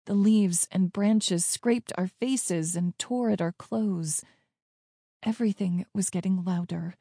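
A woman narrating a first-person story in a tense, hushed way, close to the mic. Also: mid-range voice, takes it slowly, no room sound. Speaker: audiobook narrator.

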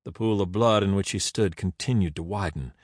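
A man narrating an audiobook in an expressive, dramatic reading. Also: deep voice, a little fast, no room sound, clean studio sound.

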